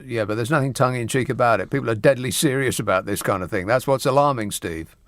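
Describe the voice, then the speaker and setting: A man's voice: medium pitch, fast, fairly bright tone, no echo. A man hosting a radio phone-in, joking in a dry, mock-serious way. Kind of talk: late-night radio banter. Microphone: studio microphone.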